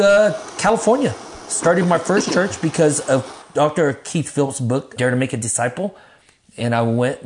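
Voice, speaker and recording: A middle-aged man, a pastor, telling his life story in an interview in a lively, casual way, acting out quotes in a raised voice and cursing freely. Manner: animated, acts out quotes in a high voice, laughs, swears casually.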